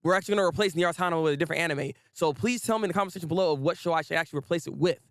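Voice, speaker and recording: Young guy hosting an anime stream, kinda high voice, laughs a lot, dry close sound. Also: racing, no echo. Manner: animated, laughs often, chatty with viewers. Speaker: anime review host. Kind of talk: casual livestream commentary.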